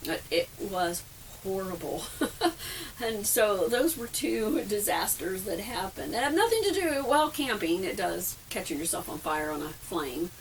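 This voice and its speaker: A woman's voice: mid-range voice, very animated, measured pace. A middle-aged woman telling rambling, self-deprecating camping stories in a casual vlog, laughing often, recorded inside a camper. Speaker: vlogger. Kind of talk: casual storytelling. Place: camper trailer. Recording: distant mic with faint background noise.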